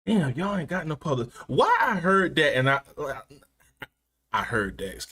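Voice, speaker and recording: A man's voice: on the high side, very animated, unhurried, bright, forceful tone, husky. A man live-streaming from his gaming chair at home, chatting casually with viewers, joking and laughing often.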